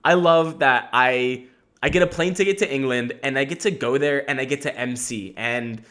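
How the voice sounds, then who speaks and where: A man hosting a casual solo podcast, wandering from story to story in an animated, offhand way. His voice sits in a middle pitch with a bright, forceful edge. He swears freely and laughs easily as he talks. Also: normal speed. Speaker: podcast host.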